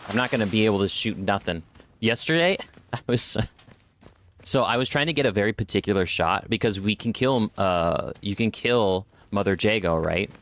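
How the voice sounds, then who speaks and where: Chatty low-voiced man streaming a game. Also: moderate pace, fairly bright tone. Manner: chatty, reads in-game notes aloud. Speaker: gaming streamer. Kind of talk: casual let's-play commentary. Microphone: desk microphone at a computer.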